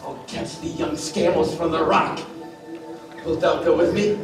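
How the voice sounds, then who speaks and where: On a stage, a man plays a fawning, brutish island monster, worshipful and eager, in a voice on the high side with fairly even intonation, a little slow and close to everyday speech. This is live stage acting, picked up by a distant mic in an echoey hall, with music in the recording.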